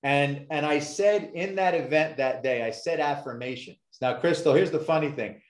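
A man's voice: a little high, normal speed. A man who is a success coach, telling his story as a guest on a podcast in an emphatic way and repeating points for effect. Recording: echoey room.

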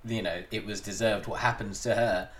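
A man's voice: lowish voice, fairly even intonation, moderate pace, over a noisy crowd. A man co-hosting a casual film podcast, retelling scenes with mocking asides. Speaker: podcast co-host. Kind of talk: casual film review chat.

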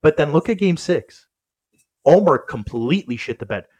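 A man's voice: fairly high pitch, animated, normal speed, a little mellow, dull audio. A man co-hosting a casual sports podcast, talking in a rambling way with many fillers and restarts. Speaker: podcast co-host.

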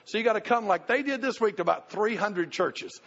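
A man's voice: high voice, lively intonation, fairly quick, fairly bright tone, long reverb tail, lo-fi sound. A middle-aged pastor giving a folksy, conversational sermon, often restarting his sentences.

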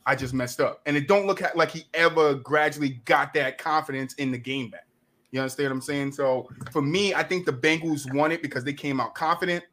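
Jersey-accented male podcast guest, emphatic sports-debate talker, slightly high voice. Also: fairly bright tone. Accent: New Jersey. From New Jersey. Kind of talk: casual sports chat.

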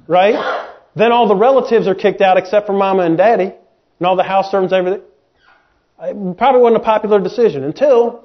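High-voiced folksy male preacher, lo-fi. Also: quick pace. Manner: folksy, animated, acts out voices of doubters. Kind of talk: sermon.

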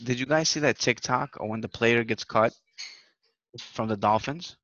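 A man's voice: medium pitch, measured pace, fairly bright tone, dry recording, highs cut off. A man co-hosting a podcast, chatting animatedly, repeating words and swearing often. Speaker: podcast co-host. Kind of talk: casual chat.

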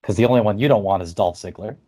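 A man's voice: on the low side, fast talker, warm tone. A man co-hosting a wrestling podcast, chatting casually, agreeing with his partner and wrapping up segments. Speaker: podcast co-host. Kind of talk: casual chat.

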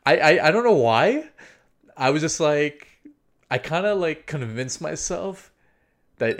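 A man's voice: fairly high pitch, expressive, slow pace, long pauses. A young man casually telling a story, rambling with lots of fillers, swearing freely and acting out his own inner thoughts.

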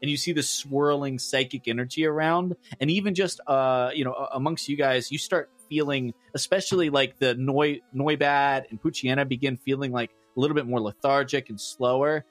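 A man's voice: medium pitch, fairly even intonation, moderate pace, hardly any pauses, no room sound, faint music behind. A man running a tabletop game as game master, narrating the action loosely with lots of fillers.

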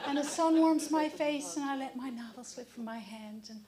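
A middle-aged woman telling a funny personal story on stage to a live audience, animated and acting out the crows' caws. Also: sits high, normal speed, a crowd in the background. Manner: animated, mimics crow caws.

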